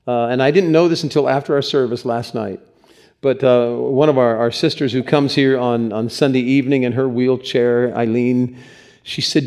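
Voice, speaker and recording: A man's voice: medium pitch, a little mellow. A man preaching as a pastor, telling stories in an earnest, conversational sermon, likely in a church.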